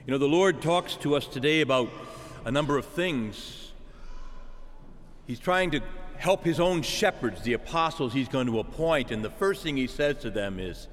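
A man preaching a sermon to his congregation, animated and calling out to the church for an amen. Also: medium pitch, moderate pace, big-room sound, slight background noise.

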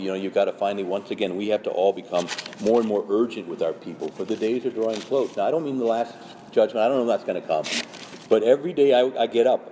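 A man who is a Catholic priest preaching an urgent, pleading talk that often climbs sharply in pitch and loudness. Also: a little hiss or hum. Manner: acts out quoted parishioners in their voices. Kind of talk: sermon-style teaching talk.

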